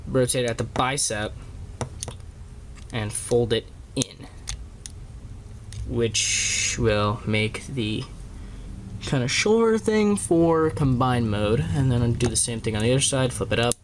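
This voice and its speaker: Filmed on a small tripod-mounted camera, a man in a mid-range voice explains a toy's transformation in a casual review. His speech is halting, full of fillers and self-corrections, and there's slight background noise.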